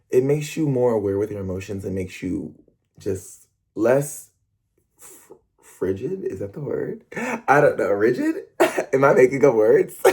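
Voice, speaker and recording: Fast-talking young man with a husky voice. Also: lowish voice. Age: young adult. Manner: fast-talking, animated, rambling with laughs and self-corrections. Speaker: stage performer and dancer. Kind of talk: casual talk to camera.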